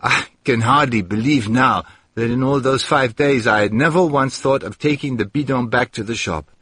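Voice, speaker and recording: Husky-voiced man narrating a story. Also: mid-range voice, moderate pace, fairly bright tone, no echo. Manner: dry, wry storytelling with acted dialogue. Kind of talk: first-person audiobook narration.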